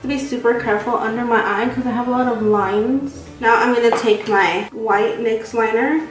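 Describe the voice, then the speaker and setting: In a very echoey room and heard from far away, a young beauty vlogger in her twenties rambles chattily and teases herself while getting ready and applying makeup. Her voice is a little high with fairly even intonation and a moderate pace, over faint background music.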